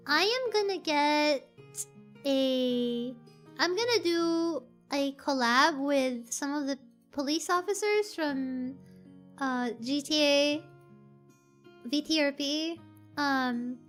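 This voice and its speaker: A very high, bright voice belongs to a woman streamer who gushes and squeals with excitement in casual livestream chat. She takes her time between words. Soft music plays faintly behind her.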